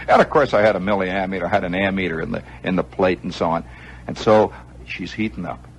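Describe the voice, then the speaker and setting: A man with a lowish voice hosts a radio show, spinning a long improvised tale. He acts out scenes and drops chuckling asides as he goes. A faint hiss sits beneath his voice. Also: poor audio. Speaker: radio host. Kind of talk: improvised storytelling monologue.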